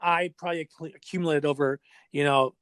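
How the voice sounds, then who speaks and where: Middle-aged male guest, animated yarn-spinner who acts out the other voices, slightly high voice, dry close sound. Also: fast, no echo. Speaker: guest, drummer and former pro skateboarder. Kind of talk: casual storytelling interview.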